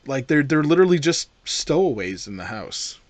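A man co-hosting a casual talk show, rambling and animated as he discusses a film. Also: on the high side, moderate pace, no echo. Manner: animated, rambling with restarts and playful impressions. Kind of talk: casual chat about a film.

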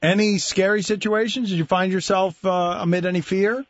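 A man's voice: high-pitched, fairly even intonation, normal speed, muffled recording, a little hiss or hum. A man hosting a radio talk show, asking questions in a dry, teasing way. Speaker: radio host.

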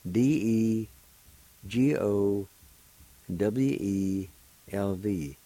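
A man's voice: lowish voice, extremely slow, dark tone, dry recording, poor audio. A man hosting a radio language lesson, patiently spelling out and pronouncing words one syllable at a time. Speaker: radio host teaching a language.

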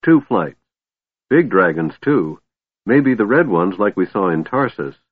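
A man voicing an excitable young male kender with a shrill, chattering voice, reading a storybook. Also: husky, no room sound, exaggerated voice. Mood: uneasy. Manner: babbling, quick to excitement. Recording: tinny phone-like sound, dry.

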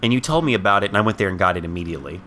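Bright-voiced man, wry and sarcastic. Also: low-pitched, animated, rapid-fire, slight background noise. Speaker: podcast co-host. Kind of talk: casual recap chat.

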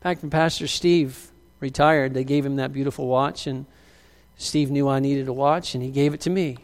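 A man's voice: mid-range voice, normal speed. A middle-aged male pastor preaching a sermon, telling stories and acting out the people in them. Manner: animated storyteller who acts out quoted lines. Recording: long hall reverb.

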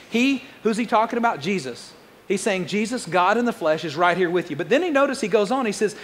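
A man with a high voice delivers a sermon at a quick, chatty clip, slipping in jokes between points. His words ring out with a long reverb, as if in a large church hall. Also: lively intonation. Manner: fast-talking, jokey and conversational. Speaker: pastor.

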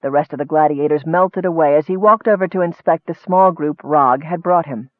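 A man's voice: fairly high pitch, a little fast, no room sound. Man narrating over a tinny line. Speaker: audiobook narrator. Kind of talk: scripted fantasy narration. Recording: thin phone-like dry sound.

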